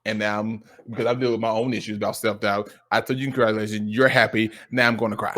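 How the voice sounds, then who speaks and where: A man in a casual, heartfelt chat, talking with lively emotion and frequent restarts. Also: lowish voice, fast. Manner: animated, emotional, lots of restarts and quoted dialogue. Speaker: streamer.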